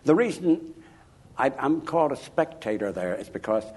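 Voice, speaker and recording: An older man from Chicago, an author interviewed about his life, telling anecdotes in an emphatic, animated way. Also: mid-range voice, moderate pace, slightly rough. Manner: animated, emphatic, chuckling raconteur. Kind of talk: anecdotal storytelling.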